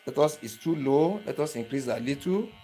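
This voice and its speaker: A man's voice: medium pitch, animated, moderate pace, warm tone, a little hiss or hum. A man giving a hands-on tutorial, repeating each step and often asking whether the viewer can see what he is doing. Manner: repetitive step-by-step instructions, keeps checking the viewer follows. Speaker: barber tool instructor.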